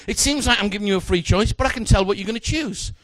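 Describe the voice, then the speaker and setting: A man's voice: high-pitched, fast talker, a bit bright, dry recording. A man performing a magic routine, chatting jokily with a volunteer from the audience on stage. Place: stage in front of a live audience.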